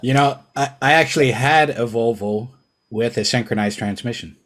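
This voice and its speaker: A man hosting a podcast, relaxed and telling his own stories in a casual chat. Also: medium pitch, normal speed. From Canada. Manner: relaxed, recounts personal stories. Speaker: podcast host.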